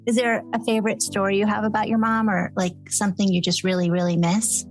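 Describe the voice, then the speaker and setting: A woman hosting a podcast, asking gentle, encouraging questions. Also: medium pitch, level tone, fast, faint music behind. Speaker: podcast host. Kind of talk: gentle interviewing.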